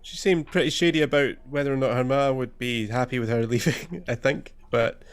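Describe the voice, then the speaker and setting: A man's voice: mid-range voice, a little fast, clean tone. A man in casual chat at a tabletop game, sounding puzzled and hesitant. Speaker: player. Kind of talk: casual tabletop role-play.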